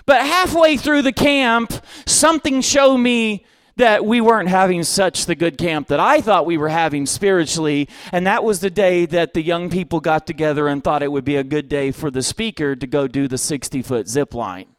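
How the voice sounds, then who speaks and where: A man preaching a sermon as a humorous story, comic and self-mocking in a lively way. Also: on the high side, moderate pace, no room sound.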